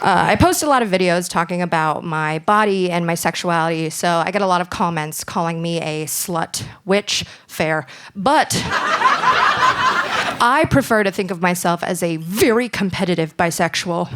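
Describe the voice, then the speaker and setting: A young woman performing a stand-up set on a club stage, dry and deadpan with bursts of laughter. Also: fairly low pitch, moderate pace, heavy background noise. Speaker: stand-up comedian.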